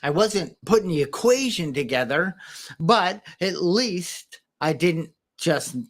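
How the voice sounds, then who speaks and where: A man's voice: high voice, animated. Reflective man in casual podcast chat. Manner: reflective, halting with restarts. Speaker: podcast host.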